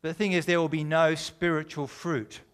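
A man's voice: fairly high pitch, little pitch movement, normal speed, clear, resonant tone. A middle-aged man preaching a sermon, conversational and jokey but driving home his points with emphasis. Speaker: pastor.

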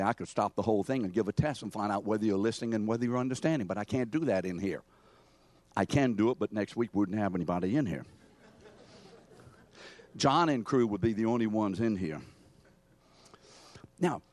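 A man's voice: fairly low pitch, a little mellow, dry recording. An older man preaching an interactive sermon, teaching from scripture and pressing his congregation with questions and calls for answers.

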